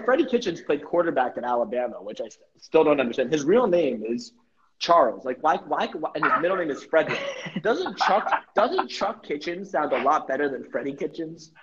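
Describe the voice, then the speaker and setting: A young man hosting a casual sports podcast, rambling through jokey theories and swearing freely. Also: on the high side. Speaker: podcast host. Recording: muffled lo-fi podcast audio.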